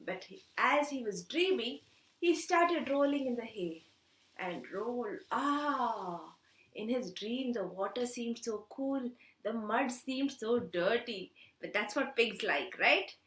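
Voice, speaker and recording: A woman telling a story to children in a lively way and asking them questions. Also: a little high, slow, roomy sound. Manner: animated, asks children questions. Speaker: storytelling teacher.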